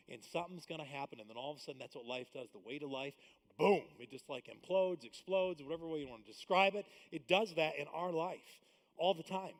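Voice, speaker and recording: A man preaching a live church sermon, swinging between loud emphatic bursts and hushed asides. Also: on the high side, fast. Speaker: pastor. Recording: long hall reverb.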